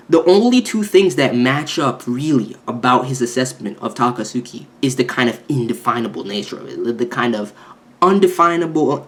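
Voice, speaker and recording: A man giving a casual, excited manga review, gushing and swearing with lots of restarts. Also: medium pitch.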